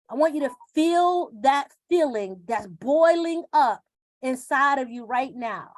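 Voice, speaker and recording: Woman confidence coach, high voice, coaxing, repetitive, live video call. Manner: coaxing, repeats phrases for emphasis. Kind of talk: live guided exercise.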